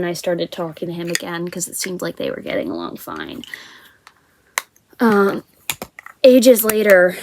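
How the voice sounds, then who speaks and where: A woman's voice: on the low side, gravelly, darkish tone, low-quality recording. A young woman vlogger telling a personal story casually and candidly, swearing now and then and acting out the dialogue.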